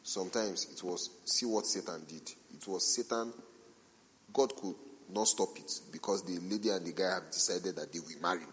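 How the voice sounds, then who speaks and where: A man preaching a sermon as a pastor, telling animated everyday stories, asking rhetorical questions and acting out the people he quotes. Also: low-pitched, normal speed, a little hiss or hum. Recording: long reverb from a large hall.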